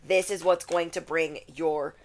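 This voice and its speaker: A woman with a slightly low voice delivers a casual spiritual tarot reading straight to camera. She talks in a loose, chatty way and keeps circling back to repeat her key lines. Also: steady tone, unhurried, very noisy. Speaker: tarot reader.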